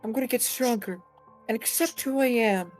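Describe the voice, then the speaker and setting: A woman's voice: normal speed, faint music behind, natural voice. A woman putting on a timid, earnest young boy. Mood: earnest resolve. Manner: soft, earnest, pitched well below her usual voice. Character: timid young boy resolving to grow stronger.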